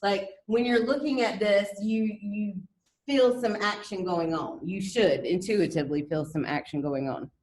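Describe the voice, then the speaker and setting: A woman art teacher lecturing over slides in a chatty way, full of fillers and restarts, raising her pitch to stress key words. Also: measured pace, darkish tone, recorded from a distance. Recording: echoey room, voice off-mic.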